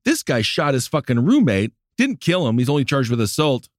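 A man's voice: medium pitch, big pitch swings, a little fast, no echo, studio quality. A man co-hosting a casual podcast, cutting in with wry, sarcastic remarks. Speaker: podcast co-host. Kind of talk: casual chat.

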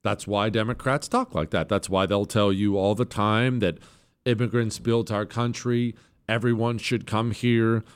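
A man's voice: fairly low pitch, steady tone, measured pace, clean tone. A man hosting a political talk radio show, delivering an emphatic, sarcastic monologue.

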